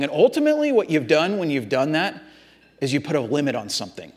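Earnest preacher, fairly high male voice. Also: wildly swooping pitch, quick pace, husky. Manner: earnest, repetitive, direct address to the congregation. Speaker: pastor. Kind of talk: sermon.

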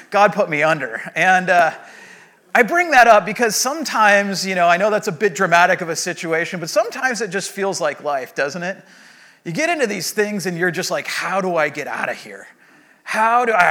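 Animated, bright-voiced male pastor. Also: high-pitched. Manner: animated storyteller acting out voices. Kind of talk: sermon storytelling.

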